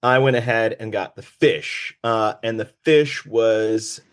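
A male comedian telling stories in a casual podcast chat, jokey and animated. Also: fairly low pitch, takes it slowly. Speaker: comedian guest.

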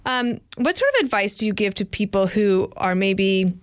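A woman's voice: mid-range voice, lively intonation, moderate pace, no room sound. A middle-aged woman hosting a podcast, chatting casually and teasing her husband as she asks him questions. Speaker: podcast host. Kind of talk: casual chat.

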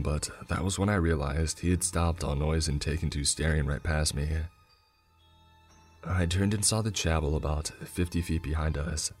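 A man with an extremely deep, low voice narrates a scripted horror story. His delivery is measured and grim, with faint music playing quietly beneath.

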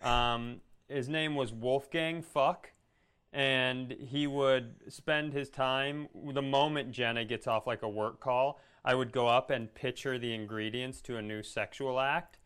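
A man's voice: mid-range voice, fairly even intonation, a little slow, fairly bright tone, smooth. A man co-hosting a comedy podcast, telling rambling stories in casual chat. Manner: rambling storyteller, restarts and asides. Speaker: podcast co-host.

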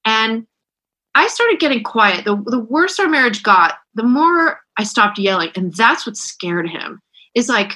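A woman's voice: a little high, very animated, measured pace, pushed and bright. A middle-aged woman author chatting candidly in an interview, self-deprecating, with many restarts. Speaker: author guest. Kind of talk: casual interview chat.

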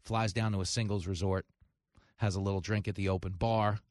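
A man's voice: deep voice, steady tone, brisk, a little mellow, dry recording. A man hosting a talk radio show, ranting with comic asides and telling jokes into a studio microphone. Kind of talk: opinionated talk radio monologue.

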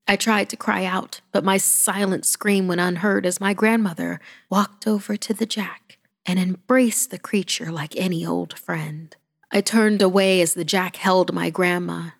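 A woman narrating a horror story in a hushed, often whispered and dramatic way. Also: on the low side, creaky.

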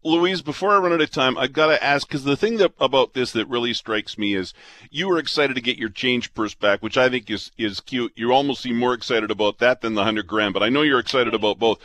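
A man's voice: medium pitch, fairly quick, fairly bright tone, no echo. A man hosting a radio interview who asks long, reflective questions of a caller. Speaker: radio host.

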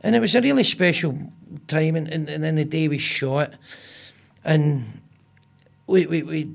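A man's voice: fairly high pitch, a little slow, gravelly. An older man with a Scottish accent, a comedian guest telling stories in casual chat with many stammered restarts. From Scotland. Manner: animated storyteller with stammered restarts.

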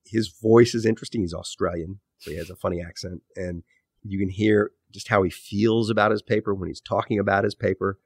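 A middle-aged man, an author, answering interview questions in a thoughtful, self-correcting way, often trailing off low at the ends of phrases. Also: fairly even intonation, brisk, darkish tone, breathy edge, no echo, studio quality. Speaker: author and podcast host, guest.

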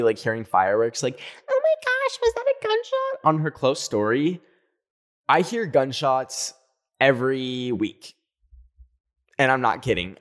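Chatty young man telling stories. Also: mid-range voice. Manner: animated, heavy use of "like", laughs often. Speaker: podcast host. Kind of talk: casual storytelling monologue.

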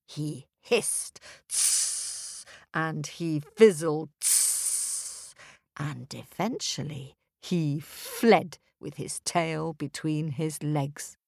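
A woman storyteller telling a folk tale in an expressive, rhythmic way. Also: deep voice, slow, vocal fry, few pauses, dry recording, studio quality. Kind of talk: storytelling for children.

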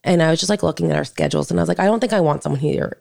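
A woman's voice: low-pitched, rapid-fire, creaky, darkish tone, no echo, clean studio sound. A woman in her thirties co-hosting a podcast, chatting casually and gushing about her son, with lots of "like" fillers. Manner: gushing, talks with many "like" fillers. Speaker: podcast co-host. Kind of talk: casual chat.

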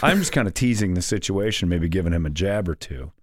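A man co-hosting a podcast in casual banter, sarcastic and mocking, often slipping into quick mock voices. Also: low voice, animated, no echo, studio quality. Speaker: podcast co-host.

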